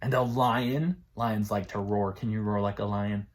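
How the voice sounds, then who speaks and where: A man's voice: fairly low pitch, fairly even intonation, measured pace. A male children's librarian leading a story time, playful and sing-song as he talks to little kids.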